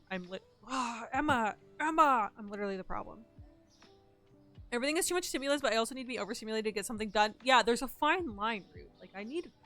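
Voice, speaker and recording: A woman live-streaming from home, chatting in a self-mocking way as she plays and sometimes yelling loudly at the customers in the game. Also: mid-range voice. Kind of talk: casual live-stream commentary while gaming.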